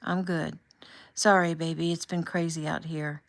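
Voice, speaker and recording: A woman voicing a young man on deployment, speaking softly and tenderly, with a low, gravelly tone. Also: flat delivery, a little slow. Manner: soft, quiet, affectionate.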